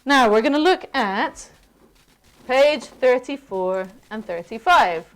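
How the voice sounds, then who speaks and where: A woman lecturing a university class in a lively, playful way, often checking in with the students. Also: fairly high pitch, takes it slowly.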